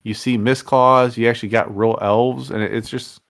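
A man's voice: mid-range voice, fairly even intonation, moderate pace, a bit bright. A man hosting a casual movie-review podcast, easygoing and loose as he steers the group through the segments. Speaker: podcast host running the segments.

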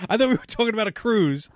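Teasing man with a lively voice. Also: sits high, brisk, no room sound. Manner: teasing, wisecracking interjections. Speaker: podcast co-host. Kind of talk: casual chat.

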